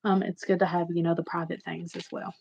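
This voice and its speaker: A woman's voice: on the low side, little pitch movement, fairly quick, gravelly, darkish tone, a little hiss or hum. A woman hosting a casual livestream, chatting and rambling to her viewers. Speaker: livestream host. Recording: slightly muffled lo-fi audio.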